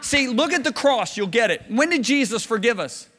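A man preaching a sermon, telling stories and swinging from low, hushed lines to loud shouted bursts. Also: expressive, moderate pace, in a large hall.

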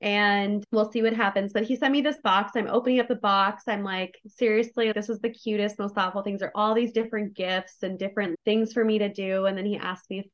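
Woman guest, candid and effusive storyteller, mid-pitched voice, slightly dull lo-fi recording. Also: steady tone, brisk, few pauses. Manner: effusive, emotionally open, many "like" fillers. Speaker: podcast guest.

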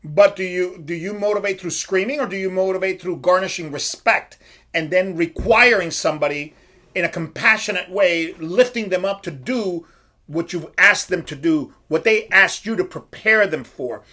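A man's voice: high voice, moderate pace, sharp tone. A middle-aged man hosting a podcast, talking like a coach who swears freely and asks and answers his own questions. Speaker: podcast host and strength coach. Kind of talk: casual podcast talk.

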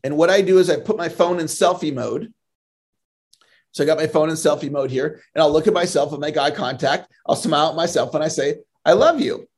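A man's voice: fairly high pitch, fairly quick, darkish tone. A man speaking as a sales trainer in a podcast interview, earnest and motivational, often repeating a word as he starts a thought.

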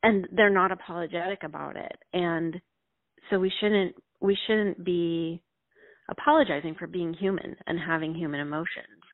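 Woman, middle school teacher, earnest and reflective, lowish voice, dry phone-like sound. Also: steady tone, dry recording. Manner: earnest and reflective, with halting restarts. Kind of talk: casual conversation.

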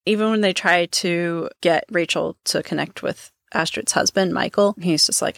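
A woman co-hosting a podcast, recapping a film's scenes in a relaxed, matter-of-fact way. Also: lowish voice, moderate pace, creaky, no echo, clean studio sound. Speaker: podcast co-host. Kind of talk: casual movie recap chat.

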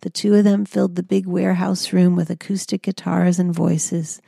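Gravelly, low-voiced woman narrating a memoir. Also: little pitch movement, normal speed, warm tone, no echo, clean studio sound.

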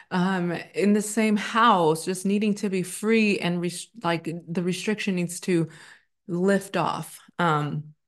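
A woman in her thirties talks straight to camera in a loose, confessional vlog, pausing often with ums. Her voice sits a little low for a woman. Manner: candid, rambling, frequent ums. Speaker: astrologer and former teacher. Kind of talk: casual personal vlog.

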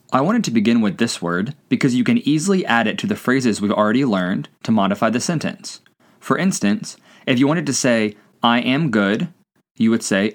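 A man hosting a scripted language-lesson podcast, asking questions and then repeating each answer slowly twice. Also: medium pitch. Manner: slow repeated drills with pauses. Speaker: language teacher.

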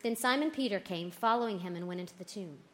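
A woman reads a gospel passage with quiet reflection, her voice rising with feeling at the quoted lines. She sits at an ordinary mid pitch. A faint noise runs underneath. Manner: slow, expressive reading, voicing the quotes. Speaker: scripture reader. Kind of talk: devotional reading with reflection.

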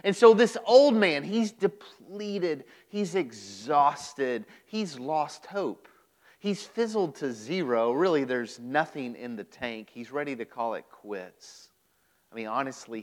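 A male pastor delivering a podcast sermon, telling a story dramatically with pauses and repeated words. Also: a little high, fairly bright tone.

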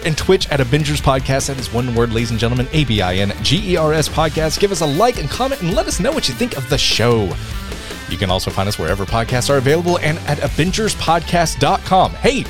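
A man's voice: on the high side, very animated, fast, over music. A man hosting a casual podcast, upbeat and jokey, rattling through plugs and chatting with his co-hosts. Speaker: podcast host.

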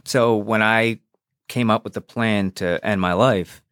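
Man, low voice, frank storyteller, swears freely, very dry sound. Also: steady tone, measured pace, fairly bright tone, smooth, no echo. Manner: frank and profane, re-enacts dialogue. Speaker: podcast guest, former police officer. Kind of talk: candid personal storytelling.

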